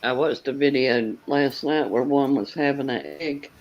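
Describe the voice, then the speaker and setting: A woman guest on a video-call panel, chatting in an expressive way. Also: very deep voice, a little slow, lo-fi sound. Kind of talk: casual chat.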